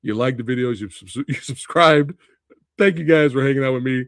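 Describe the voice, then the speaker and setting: A man hosting a casual livestream, reacting with laughter and loud exclamations, swearing freely. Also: mid-range voice, fairly quick, dry recording, clean studio sound. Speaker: movie review livestream host.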